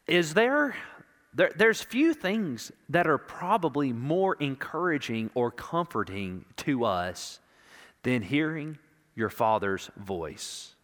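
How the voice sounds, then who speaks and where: A male pastor preaching an impassioned sermon, swinging from loud declarations to hushed, intimate moments and repeating words for emphasis. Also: on the high side, big pitch swings, takes it slowly. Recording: long reverb of a large hall.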